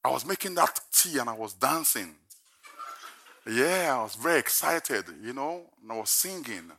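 A man's voice: mid-range voice, animated, moderate pace, vocal fry, sharp tone. An older man preaching a sermon, telling a humorous personal story and then preaching emphatically from scripture. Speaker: pastor.

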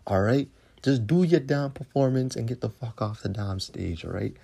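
Podcast host, male, deep and dark, confrontational and profane. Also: gravelly. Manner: profane, confrontational ranting with repeated tag questions. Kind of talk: solo podcast rant.

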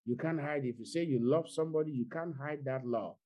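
A man's voice: on the high side, fairly quick, dark tone, low-quality recording. A man preaching an Easter sermon online, repeating his phrases and building to fervent exhortation. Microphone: online video call.

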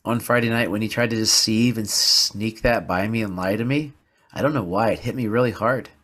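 A man's voice: lowish voice, fairly quick, fairly bright tone. A man hosting a podcast, telling a personal story in an earnest, confessional way and repeating words for emphasis. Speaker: podcast host. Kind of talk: personal reflective podcast monologue.

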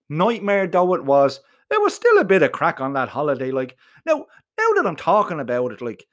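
A man with an Irish accent telling a comic first-person story in a profane, colloquial and animated way. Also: high-pitched. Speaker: narrator.

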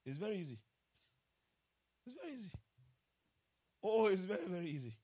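A male preacher with a high, husky voice that swings widely in pitch as he preaches. He talks in an animated way, exclaiming, laughing and throwing questions back at his listeners. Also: a little fast. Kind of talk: sermon.

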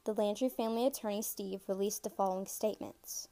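A woman hosting a casual true-crime podcast, chatty and excitable, talking straight to her listeners and stumbling over words now and then as she reads. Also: medium pitch, quick pace, gravelly. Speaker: podcast host.

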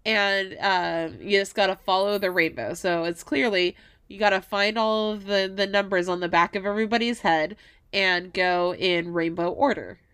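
A woman's voice: mid-range voice, steady tone, moderate pace, fairly bright tone, clean tone. Profane, casual woman recapping a movie. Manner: casual and profane, with hesitant fillers. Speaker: podcast co-host.

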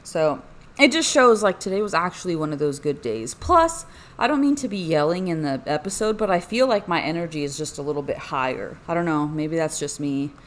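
Young female podcast host, slightly low voice, chatty and rambling, energetic bursts. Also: a little fast. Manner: rambling, frequent "like" fillers, animated bursts. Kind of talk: casual personal podcast monologue.

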